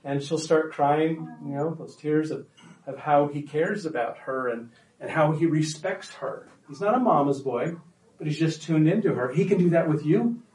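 A man's voice: on the high side, moderate pace, darkish tone, echoey room, distant mic, low-quality recording. A man presenting a workshop to parents, talking conversationally and emphatically and often checking in with the room.

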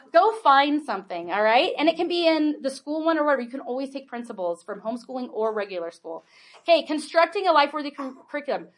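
A high-pitched woman in her forties speaks to a live audience as a homeschool presenter. She talks in a chatty way, filling her sentences with "like" and checking in with "right?" and "okay?". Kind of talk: workshop talk to an audience.

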